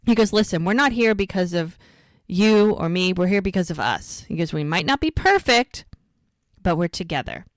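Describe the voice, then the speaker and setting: On a dry recording, a fairly low-pitched female voice moves at a fairly quick clip. As a podcast co-host, she gives a lively, casual recap of a TV episode, performing the characters' dialogue as she goes.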